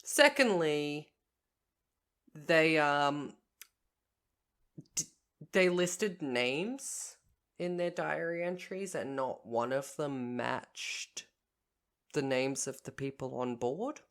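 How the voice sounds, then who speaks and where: A woman with a very low, deep voice takes her time, laying out a history story on a podcast. She counts off her points one by one and stops to fix her own slips, all in an easygoing chat. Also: drawn-out words, long pauses. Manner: recounts a history case point by point, correcting herself. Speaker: podcast co-host.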